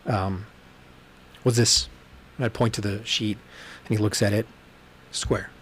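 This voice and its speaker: Low-voiced man, rambling livestream talk. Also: flat delivery, a little fast, slight background noise. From Texas. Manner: rambling, profane storytelling with frequent ums. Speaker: podcast host. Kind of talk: casual solo livestream monologue. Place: room at home with books behind him. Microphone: webcam livestream, on camera.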